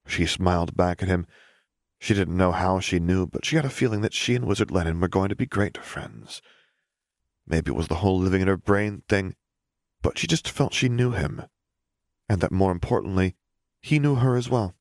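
A man narrating an audiobook in a steady, even storytelling manner. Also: deep voice, normal speed, dry recording, clean studio sound. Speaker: audiobook reader.

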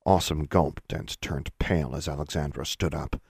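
Deep-voiced man narrating a story. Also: breathy edge, no room sound, clean studio sound. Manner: measured, expressive storytelling. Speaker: audiobook narrator.

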